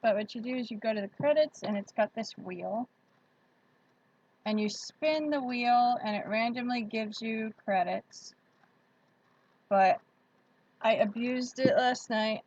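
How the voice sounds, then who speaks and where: A woman livestream host greets her viewers by name and chats in a friendly, casual way while going through their comments. Her pitch is fairly high and the audio is lo-fi.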